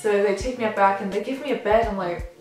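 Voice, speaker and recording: A woman's voice: mid-range voice, a little fast. A teenage girl recounts her story in a chatty, dramatic way, slipping into the voices of the people she quotes. Her voice rings around a very echoey room, with faint music underneath. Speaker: vlogger. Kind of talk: storytime vlog.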